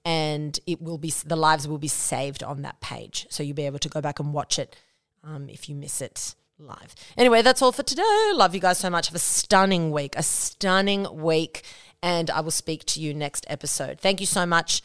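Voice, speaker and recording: Solo podcast host, a woman with a low voice; chatty, blunt, drops swear words, recorded dry and close. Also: lively intonation, moderate pace, fairly bright tone, no room sound. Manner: chatty and frank, swears freely. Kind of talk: casual solo podcast talk.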